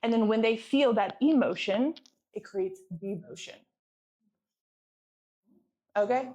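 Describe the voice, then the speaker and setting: A pregnant woman in her thirties giving a lively sales training talk to a live audience, often asking them to answer back. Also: on the high side, takes it slowly. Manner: energetic, playful, asks audience for responses.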